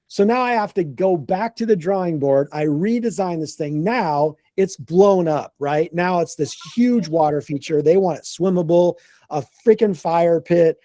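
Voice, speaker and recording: A middle-aged man telling a business story on a group call in a casual, animated way, acting out quotes and often repeating words. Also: fairly high pitch, dry recording, studio quality. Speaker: landscaping business coach.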